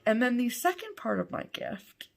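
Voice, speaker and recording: A woman co-hosting a cross-stitch show, chatting casually and gushing with excitement over what she shows. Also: fairly high pitch, normal speed, gravelly. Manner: gushing, enthusiastic. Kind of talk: casual show-and-tell chat.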